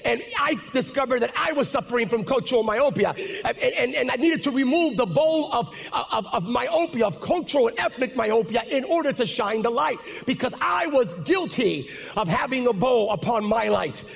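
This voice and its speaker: A male pastor preaching a sermon, telling a story that builds into fervent, shouted preaching. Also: very high-pitched, animated, moderate pace, creaky, hardly any pauses. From United States. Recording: long reverb of a large hall.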